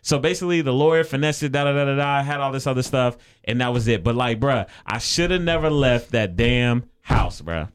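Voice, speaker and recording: A man's voice: mid-range voice, a little fast, hardly any pauses, clear, resonant tone. A man co-hosting a podcast, telling a story in a casual way and acting out the people he quotes. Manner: animated, acts out the people he quotes. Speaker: podcast co-host.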